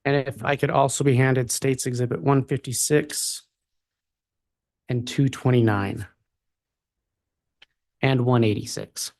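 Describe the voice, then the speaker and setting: A man's voice: medium pitch, fairly even intonation, a little slow, pauses often, darkish tone, no room sound. A man working as a prosecutor, making formal, polite requests and objections in a courtroom. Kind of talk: courtroom proceedings.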